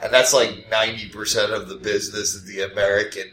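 A man's voice: fairly low pitch, flat delivery, fast talker, bright, forceful tone. A man hosting a podcast, telling stories in casual chat and laughing often. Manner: storytelling, laughs often, puts on silly voices. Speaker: podcast host. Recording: roomy echo.

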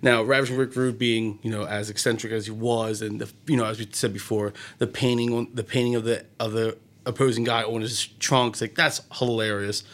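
A man's voice: on the low side, little pitch movement, a little fast, hardly any pauses, a bit bright. Enthusiastic man rambling on radio. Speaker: co-host, wrestling fan. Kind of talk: casual chat. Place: radio studio.

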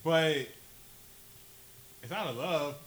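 A man from New Jersey in a casual chat among friends, talking in an emphatic, animated way and swearing freely. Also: a little high, slow pace, poor audio. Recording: faint hiss.

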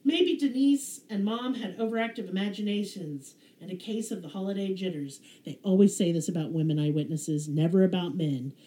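Brief: Southern-twanged woman host, profane and sarcastic, mellow voice, echoey room. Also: mid-range voice, fairly quick, hardly any pauses. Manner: sarcastic, profane, animated storyteller. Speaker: podcast host. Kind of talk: casual storytelling chat. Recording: roomy echo.

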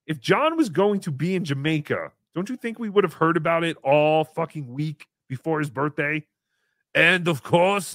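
A man's voice: fairly high pitch, fairly bright tone, no echo, studio quality. A man hosting a comedy podcast, rambling in a goofy, joking way. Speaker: podcast host.

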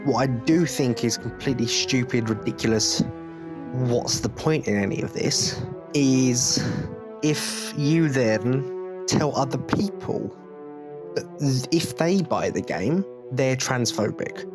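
Brief: English male podcast host, mid pitch, blunt swearing rant, faint music bed. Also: slow pace. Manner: blunt, jokey, swearing freely. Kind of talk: casual rant.

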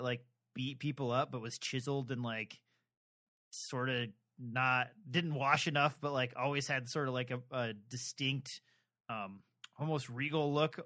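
A man co-hosting a podcast, talking casually and haltingly with many fillers and restarts. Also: medium pitch, pushed and bright. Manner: rambling, hesitant, lots of fillers and restarts. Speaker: podcast co-host. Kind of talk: casual chat about a TV adaptation.

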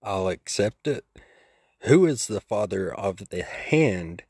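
A man reading out trivia questions and confirming answers in a measured, deliberate way. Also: fairly low pitch, expressive, creaky, a little mellow, husky. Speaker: trivia quizmaster.

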